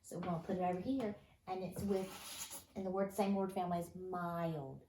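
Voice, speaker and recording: A woman's voice: on the low side, steady tone, fairly quick, warm tone. A woman teaching a phonics lesson to first graders, patient and encouraging, answering the children's imagined replies. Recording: echoey room with faint noise.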